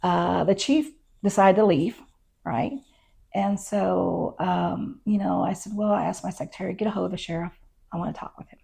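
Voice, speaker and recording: In an interview, a woman who serves as a county constable relates what happened to her at a normal speed, her lowish voice creaky and husky. She brings the exchanges to life by acting them out, with plenty of "you know" and "um."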